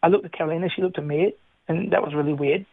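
A man's voice: on the high side, steady tone, racing, dry recording. A man, a radio interview guest telling his faith testimony in an earnest, storytelling way, often restarting his sentences and chuckling. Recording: tinny phone line, dry.

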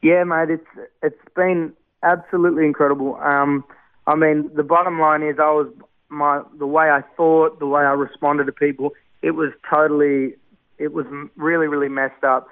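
A man's voice: a little high, flat delivery, moderate pace, no room sound. Earnest man on tinny radio. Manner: earnest, heartfelt storytelling with many fillers. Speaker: guest sharing testimony. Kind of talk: personal testimony interview. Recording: tinny phone-like radio sound.

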